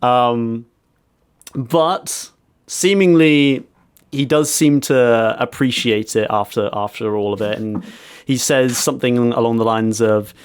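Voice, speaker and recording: A man's voice: medium pitch, takes it slowly, clean tone, dry recording, studio quality. A man co-hosting a casual podcast over a video call, recounting a story and laughing often. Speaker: podcast co-host. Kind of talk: casual chat.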